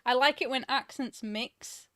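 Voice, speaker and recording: A woman's voice: high voice, unhurried, a bit bright, no echo, clean studio sound. A woman chatting casually on a stream, giggling often.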